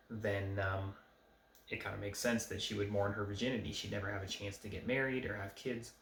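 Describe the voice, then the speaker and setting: A man giving an informal Bible study, talking in a conversational, hesitant way with many pauses and fillers. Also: fairly low pitch, roomy sound, a little hiss or hum. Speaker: Bible teacher.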